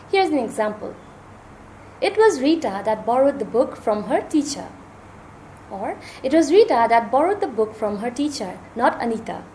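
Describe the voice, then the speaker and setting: A woman with an Indian English accent delivers a recorded grammar lecture, setting each point out in a measured, explanatory way. Her voice sits somewhat high and moves through a wide, animated range. A faint hiss of noise sits behind her.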